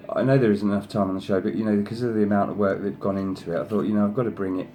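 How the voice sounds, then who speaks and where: A man's voice: fairly even intonation, rapid-fire, mellow, a little hiss or hum. A man hosting a craft video, showing design samples in a casual, rambling way and praising each one at length. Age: adult, sister past thirty. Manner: effusive, rambling with many "you know"s; coaxes his pet in a higher voice. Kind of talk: casual show-and-tell.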